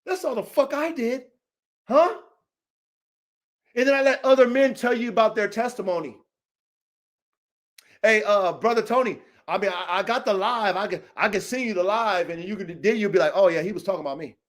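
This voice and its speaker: A man with a high voice for his sex, hosting a dog-training podcast. He rants in a heated, confrontational way, swearing freely and repeating himself for emphasis. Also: normal speed, long pauses, a bit bright. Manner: profane, repetitive, confrontational. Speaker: dog trainer and show host.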